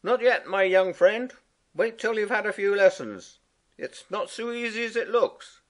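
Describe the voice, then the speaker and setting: A cheerful, bossy male water rat chatters along in a brisk, fussy manner, as a man puts him on. His voice sits raised and lively, a storybook creature fond of his own opinions. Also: high-pitched, voice pushed up. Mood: chatty. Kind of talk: storybook reading.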